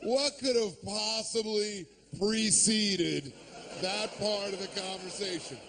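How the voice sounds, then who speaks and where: A man works a comedy club crowd into a handheld mic, sarcastic and profane, popping into quick put-on voices. His voice sits high for a man and carries a gravelly edge. A faint hiss runs under the live recording. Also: a bit bright. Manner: sardonic, profane, acts out characters in quick bursts. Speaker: stand-up comedian. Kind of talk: stand-up comedy set.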